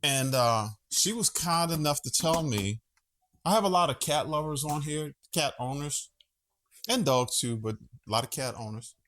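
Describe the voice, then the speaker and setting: A man's voice: fairly high pitch, lively intonation, moderate pace, a bit bright. A man hosting a casual monologue vlog from home, chatty, profane and easily sidetracked. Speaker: vlogger host.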